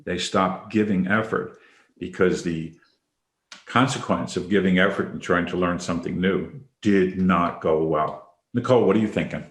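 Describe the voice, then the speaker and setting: Man, very low voice, reflective podcast host, roomy echo. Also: moderate pace. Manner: reflective, affirming, asks others by name. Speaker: podcast host, leadership facilitator. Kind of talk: conversational discussion.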